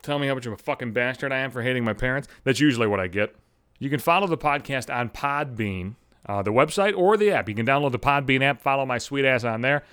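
A man's voice: medium pitch, expressive, fast talker, fairly bright tone, clean tone, no room sound, studio quality. A man in his thirties hosting a solo podcast, ranting bitterly and swearing constantly in a sardonic way. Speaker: podcast host. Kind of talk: profane solo podcast rant.

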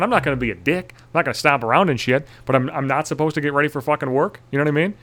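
A man's voice: mid-range voice, expressive, fast, a bit bright. A young man telling a comic story as an exasperated, profanity-heavy rant. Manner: swearing, exasperated.

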